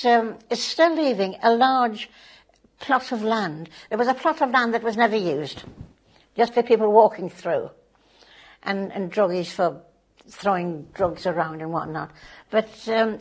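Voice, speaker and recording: Older woman, creaky and husky. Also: mid-range voice. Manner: chatty, with fillers and tag phrases like "it is". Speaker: community volunteer and board member. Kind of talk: interview, casual recollection.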